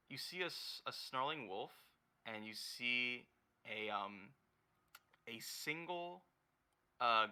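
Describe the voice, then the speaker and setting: A man running a tabletop game as dungeon master, narrating in a halting, rambling way as he searches for words. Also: mid-range voice, sharp tone, clean tone.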